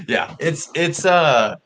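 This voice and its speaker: A young man whose R's come out soft, like W's, chatting casually on a livestream vlog with frequent restarts. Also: fairly high pitch. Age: young adult. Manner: rambling, self-correcting talk with frequent restarts. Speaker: livestream vlogger.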